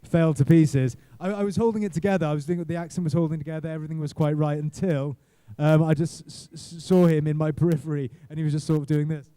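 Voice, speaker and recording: Halting, rambling man telling stories. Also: a little high, fairly even intonation, mellow, clear, resonant tone, no room sound. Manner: rambling, self-deprecating, halting restarts. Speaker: guest actor. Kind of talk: casual convention panel storytelling. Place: convention panel room.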